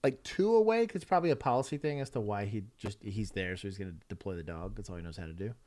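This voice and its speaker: A man's voice: lowish voice, animated, quick pace, darkish tone. A man from Texas, a former police officer, hosting a casual livestream and wryly grading police footage.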